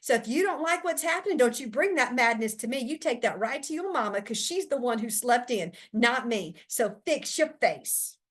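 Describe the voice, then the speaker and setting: A woman's voice: on the high side, lively intonation, normal speed, hardly any pauses, a bit bright. A woman voicing a stern female teacher who scolds a child sharply. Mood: scolding.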